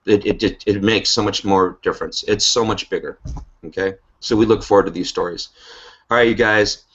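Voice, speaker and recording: A man's voice: fairly low pitch, fairly even intonation, a little fast, fairly bright tone. Man giving an emphatic pep talk over a lo-fi call. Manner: emphatic, repeats "okay?" and "right?" for emphasis. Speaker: host of a business update call. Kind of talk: motivational pitch to team members. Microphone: online video call. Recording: dull lo-fi web call audio.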